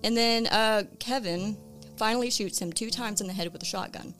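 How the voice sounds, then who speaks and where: True-crime podcast host, woman, relaxed conversational storyteller, mid-range voice. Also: medium pitch, normal speed, faint music behind. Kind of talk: casual storytelling of a case.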